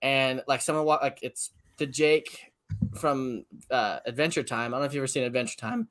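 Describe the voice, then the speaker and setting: A man appearing as a guest content creator, chatting casually in a playful, animated way and laughing easily. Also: medium pitch, normal speed. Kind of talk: casual chat.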